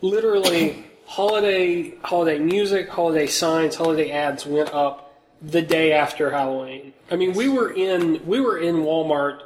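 A man co-hosting a casual podcast, talking in an excitable, joking way. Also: on the high side, moderate pace, slight background noise, rough recording. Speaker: podcast co-host.

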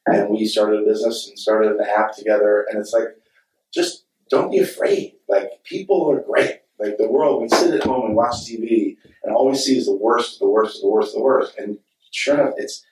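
A man's voice: on the low side, a little mellow. A middle-aged man, an actor and director, telling candid rambling stories on a convention panel and laughing readily. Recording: echoey hall, distant mic.

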